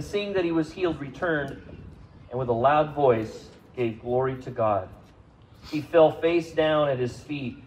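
A man preaching a sermon to a congregation, speaking conversationally, asking them questions and rising in pitch and volume for emphasis. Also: darkish tone, slight background noise, rough recording. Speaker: pastor. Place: church service.

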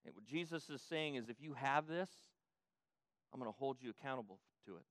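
An older man preaching a sermon as pastor, emphatic and repetitive, often restarting and rising to loud peaks. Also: mid-range voice, animated, fairly quick, dry recording.

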